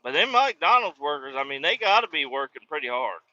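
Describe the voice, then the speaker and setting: A man's voice: fairly high pitch, sing-song, fairly quick, pushed and bright, slight background noise. A man hosting a podcast, telling a rambling, profane story in a casual comedic rant. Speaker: podcast host. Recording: dull lo-fi dry recording.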